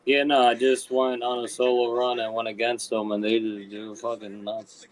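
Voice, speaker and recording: A man chatting casually while gaming on a stream, relaxed and swearing often. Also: mid-range voice, normal speed, low-quality recording. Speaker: gamer on a stream.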